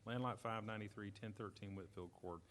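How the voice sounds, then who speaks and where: Man, deep voice, fast clipped chairman reading the agenda, faint gym ambience. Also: fairly even intonation, fairly bright tone, slight background noise. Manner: brisk, routine parliamentary phrasing. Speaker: board chairman. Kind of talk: formal meeting procedure. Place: community center gym.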